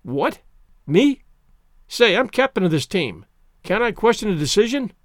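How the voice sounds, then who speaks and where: A man voicing a gruff, aging male baseball captain who argues loudly and stubbornly in an audiobook reading. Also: high-pitched, very animated, unhurried, no room sound, clean studio sound. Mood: indignant. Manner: blustering, indignant shouting.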